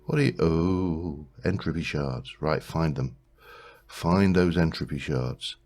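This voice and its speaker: A man's voice: extremely low pitch, expressive, slow pace, a little mellow. A man hosting a let's play, musing aloud in casual gameplay commentary, rambling with frequent restarts.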